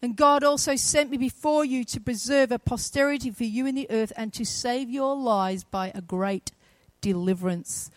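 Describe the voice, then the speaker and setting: A woman preaching a sermon, retelling a story with shifts from quiet to loud, emphatic passages. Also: a little high, moderate pace, hardly any pauses, no echo.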